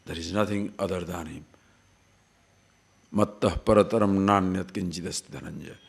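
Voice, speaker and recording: A man's voice: low-pitched, fairly even intonation, moderate pace, gravelly, husky. A man giving a scripture lecture as a spiritual teacher, asking rhetorical questions and repeating words for emphasis.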